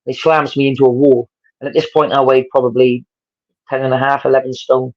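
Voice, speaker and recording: A man's voice: mid-range voice, brisk, lo-fi sound. A man from England with an English accent, telling stories as a guest, animatedly acting out the people he quotes. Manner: animated storyteller who acts out quotes. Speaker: wrestling promoter and guest. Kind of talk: casual storytelling interview.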